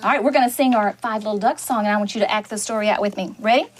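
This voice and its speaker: A woman teaching a kindergarten class, giving brisk, encouraging instructions and reading a story aloud in a classroom. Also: mid-range voice. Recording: noisy classroom recording.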